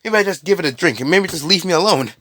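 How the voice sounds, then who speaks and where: A man's voice: high voice, expressive, fast talker, bright, forceful tone, no room sound, voice pushed up. A man voicing a frightened male townsman who stammers out frantic questions. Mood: panicked. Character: panicked adult male townsman, frightened and groveling.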